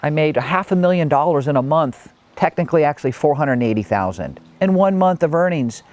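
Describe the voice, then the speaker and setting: A man's voice: on the high side, expressive, brisk, darkish tone. Earnest man telling his story. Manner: earnest, heartfelt, with emphatic swells. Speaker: motivational speaker. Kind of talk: personal motivational talk.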